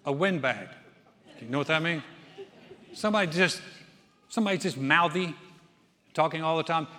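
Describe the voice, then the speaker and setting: A man preaching a sermon as pastor, telling stories and acting out the people in them. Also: fairly high pitch. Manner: animated storyteller, acts out quoted voices. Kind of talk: sermon with storytelling. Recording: long church reverb.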